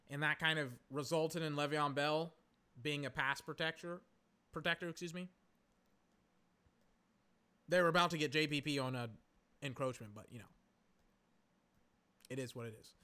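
A man's voice: fairly high pitch, pushed and bright, clear, resonant tone. A young man hosting a podcast from home, talking through a game in a rambling, exasperated way, with lots of fillers and swearing. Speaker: podcast host. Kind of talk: casual live game commentary. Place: home, in a recliner.

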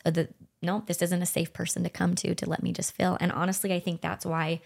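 A middle-aged woman talks on a podcast in a low, gravelly voice. She is gentle and earnest, thinking aloud about personal experiences and sometimes acting out what she once thought. Her pace stays unhurried. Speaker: podcast co-host. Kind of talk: heartfelt conversational podcast talk.

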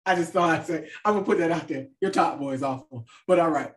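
A woman's voice: deep voice, fast, recorded from a distance. A woman co-hosting a podcast in casual chat, talking loosely with fillers and trailing off. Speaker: podcast co-host.

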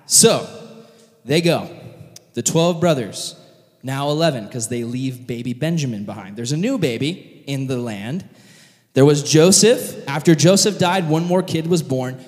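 A man tells a Bible story in a loose, jokey way, full of asides and "like". His voice is lively and swings widely. A long reverb rings around him in a large hall. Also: fairly high pitch.

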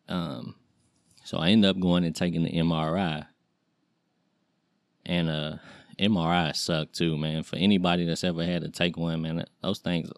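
A man's voice: sits low, dry recording, studio quality. A man in his late thirties casually telling a personal story as a podcast host, loose and rambling with slang and lots of fillers. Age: 30s.

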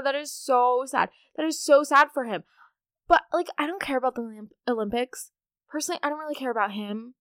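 A woman's voice: medium pitch, fairly bright tone, no room sound, studio quality. A teenage girl hosting her own podcast, chatting casually and rambling on with self-mocking asides. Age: late teens. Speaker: podcast host. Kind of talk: casual solo podcast chat.

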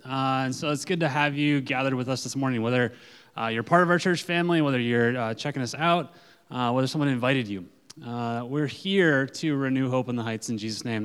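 A man's voice: fairly high pitch, a bit bright, clear, resonant tone. A man, a pastor giving a casual sermon in a loose, chatty way with many fillers. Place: church sanctuary. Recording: long church-hall reverb.

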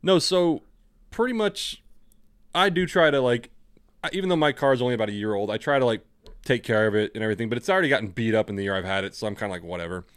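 Quick-paced and lively in his intonation, this podcast co-host rambles through casual chat, cursing without restraint. His mid-range voice has a clean tone, recorded in a clean studio with no room sound.

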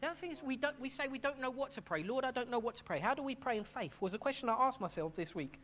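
A man's voice: very high-pitched, animated, fast talker, sharp tone. A middle-aged man preaching a sermon as pastor, talking in a conversational way and often restarting his phrases.

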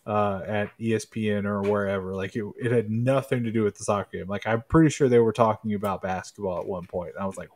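A man from Kentucky co-hosting a podcast, talking sports in a relaxed, joking way and laughing easily. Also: on the low side, fairly quick, hardly any pauses. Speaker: podcast co-host. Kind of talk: casual sports chat.

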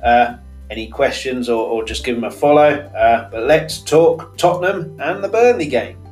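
A man's voice: medium pitch, expressive, moderate pace, over music, rough recording. A man hosting a solo football podcast, chatting casually with lots of fillers and self-corrections. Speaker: podcast host.

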